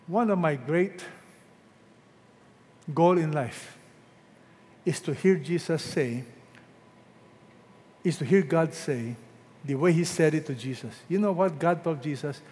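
Preaching man, high voice, long hall reverb. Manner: preaching with rhetorical questions to the congregation; swings between loud emphatic peaks and hushed drawn-out quotes. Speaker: pastor. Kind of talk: sermon.

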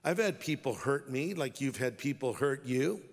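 A man's voice: medium pitch, expressive, normal speed, big-room sound. A man preaching a sermon as a pastor, talking in a wry, direct, conversational way.

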